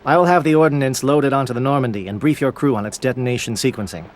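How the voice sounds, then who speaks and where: A man's voice: medium pitch, quick pace, close to an everyday voice. A man voicing a stern alien military captain. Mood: resolute. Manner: formal, clipped military speech. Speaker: commander briefing troops. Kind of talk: video game dialogue.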